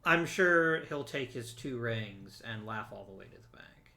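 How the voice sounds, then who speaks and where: Male gameplay host, bright tone, chatty and jokey, talks back to the screen. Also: medium pitch, lively intonation, a little slow, vocal fry, a little hiss or hum. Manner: chatty and joking, talks to the viewers and to the players on screen. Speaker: let's play host. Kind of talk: casual gameplay commentary.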